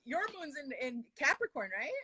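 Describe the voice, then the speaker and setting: A woman's voice: sits high, animated, brisk, pushed and bright, a little hiss or hum. A woman life coach chatting casually on a podcast, blunt and swearing, acting out what she tells herself. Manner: blunt, swears, acts out quotes. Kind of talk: casual chat.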